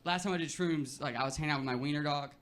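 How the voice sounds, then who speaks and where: A man's voice: fairly high pitch, rapid-fire, a bit bright. Laid-back man doing stand-up. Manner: laid-back, filler-heavy delivery with frequent "like" and "you know". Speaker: stand-up comedian. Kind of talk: stand-up set. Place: comedy club stage. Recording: noisy club recording with audience laughter. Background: audience laughter.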